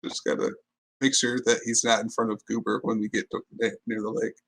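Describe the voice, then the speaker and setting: A man's voice: on the low side, little pitch movement, a little fast, a bit bright, low-quality recording. A man playing a tabletop game, chatting hesitantly and jokingly about his character. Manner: hesitant, jokey. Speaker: player. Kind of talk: casual tabletop game chat.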